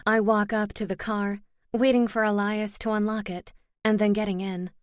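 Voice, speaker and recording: A woman's voice: mid-range voice, little pitch movement, normal speed, smooth, no room sound, studio quality. A woman reading a first-person fantasy romance audiobook expressively, lifting her voice for dialogue. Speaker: audiobook narrator.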